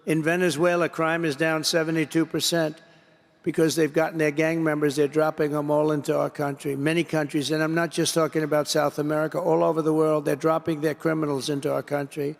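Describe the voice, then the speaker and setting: A man's voice: a little high, flat delivery, fairly quick, vocal fry. A man giving a rally-style political speech to an association, rambling and repeating himself, on a podium microphone in a large convention hall. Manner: rambling, repetitive, digressive. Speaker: political speaker addressing an association. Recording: long reverb of a large hall.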